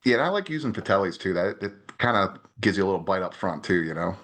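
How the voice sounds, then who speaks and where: A man's voice: sits low, very animated, fast talker, fairly bright tone. A man talking casually as a podcast guest, easygoing, tossing in "dude" and "man". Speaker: guest, hot sauce maker. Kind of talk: casual chat.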